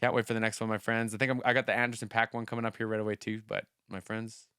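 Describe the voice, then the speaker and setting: Bright, crisp-voiced man giving casual reactions. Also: fairly low pitch, little pitch movement, rapid-fire, dry recording, studio quality. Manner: rambling, enthusiastic, lots of filler "like". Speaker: music reaction video host.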